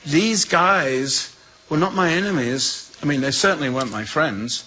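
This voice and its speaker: An English man tells a comic personal story as a guest speaker. His voice sits a little high and sounds crisp and bright. He acts out the voices of the people in his tale with lively energy. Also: normal speed, a little hiss or hum, poor audio.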